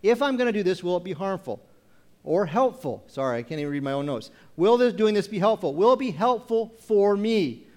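A man with a notably high voice preaches a sermon. He presses his point through strings of rhetorical questions and reads scripture aloud, slowing down on the phrases he wants to stress. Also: sing-song, a little mellow. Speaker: pastor.

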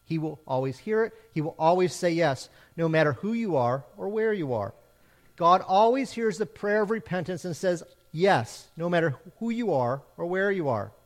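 A man preaching a sermon as pastor, emphatic, with rising and falling repeated questions. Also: on the high side.

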